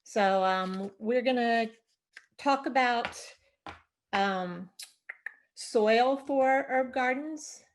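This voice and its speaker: A woman's voice: a little high, drawn-out words, long pauses, slight background noise. A woman presenting an online gardening workshop on a video call, explaining in a chatty, informal way with fillers. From Delaware, USA.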